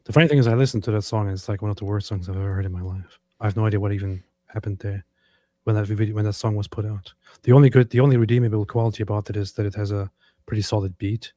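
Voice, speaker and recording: A man's voice: fairly low pitch, fairly even intonation, rapid-fire, warm tone, no room sound, studio quality. A man co-hosting a casual reaction show, talking in an emphatic, sarcastic way. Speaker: co-host.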